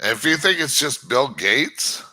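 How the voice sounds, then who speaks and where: A man's voice: medium pitch, sing-song, measured pace, sharp tone, husky. A man hosting his own channel, giving a rambling casual monologue and often stammering over restarts. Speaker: channel host.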